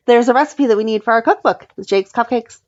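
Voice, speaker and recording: A woman co-hosting a casual podcast, retelling scenes with animated quoted voices. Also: fairly high pitch, fast talker, dry recording, dull audio. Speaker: podcast co-host. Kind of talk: casual recap chat.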